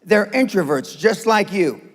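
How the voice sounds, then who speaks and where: A man's voice: high-pitched, lively intonation, measured pace. A man in his seventies giving a blunt, profane motivational speech to a live seminar audience. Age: 70s. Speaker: motivational speaker. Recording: long hall reverb.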